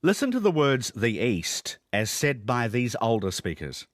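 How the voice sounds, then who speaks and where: A man giving scripted documentary narration in a measured, explanatory way. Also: mid-range voice, very animated, no room sound, studio quality.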